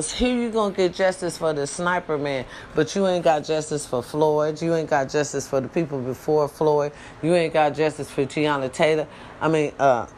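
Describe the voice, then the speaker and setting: A middle-aged woman hosting her own podcast, talking bluntly and profanely straight to her listeners, swinging from loud scolding to low warnings. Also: slight background noise. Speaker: podcast host. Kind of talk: casual monologue podcast.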